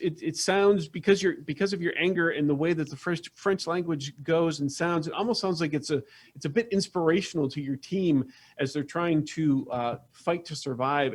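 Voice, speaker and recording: Man, game master, upbeat and chatty, lots of ums, slightly high voice. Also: slightly rough. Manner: upbeat, chatty, many fillers. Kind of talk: running a tabletop game, casual.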